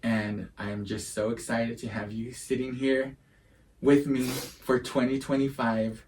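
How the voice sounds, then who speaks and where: A man's voice: mid-range voice, level tone, measured pace, darkish tone, far from the mic, slight background noise, low-quality recording. A middle-aged man hosts a casual podcast, taking his time over each word. He speaks with earnest, heartfelt sincerity. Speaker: podcast host. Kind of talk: casual chat.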